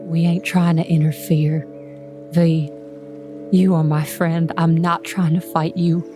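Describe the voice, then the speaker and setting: Female player, slow and earnest, folksy in-character pleading over soft music. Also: sits low, little pitch movement. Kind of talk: in-character tabletop role-play.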